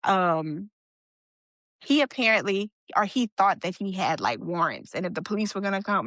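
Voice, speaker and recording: A woman's voice: medium pitch, expressive, normal speed, fairly bright tone, no echo, clean studio sound. A young woman guest on a podcast, telling a personal story in a casual conversational way and quoting what others said. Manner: conversational, retelling events with quoted dialogue and fillers. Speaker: guest sharing her story.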